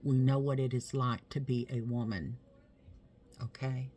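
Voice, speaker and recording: A woman's voice: very deep voice, steady tone, unhurried, warm tone, slight background noise. A middle-aged woman chatting to camera at home, telling a rambling family story and thanking viewers affectionately. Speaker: makeup vlogger. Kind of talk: casual chat to camera.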